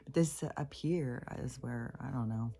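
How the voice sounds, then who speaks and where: A woman with a gravelly, husky voice rambles on in a casual solo vlog. Her tone sits dark and mellow, and she swears freely as she vents, now and then sinking into a whisper. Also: a bass voice, normal speed. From Pacific Northwest of the US. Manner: profane, irritated venting, trailing into whispers. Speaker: spiritual vlogger.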